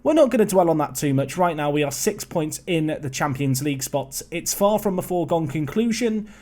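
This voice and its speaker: A young man giving casual, chatty commentary on a football management game, excitable and prone to rambling asides. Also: on the high side, brisk.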